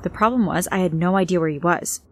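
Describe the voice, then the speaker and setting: A woman's voice: on the low side, fast talker, background noise. A woman reading a first-person story aloud in an earnest, plain way. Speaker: narrator.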